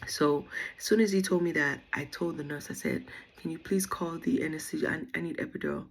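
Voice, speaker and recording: A young woman with a drawl talks straight to her viewers, telling a story in a casual, animated way and acting out what everyone said. Her voice sits low, with a husky, gravelly edge. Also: a little fast. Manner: chatty, animated retelling with quoted dialogue. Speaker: vlogger.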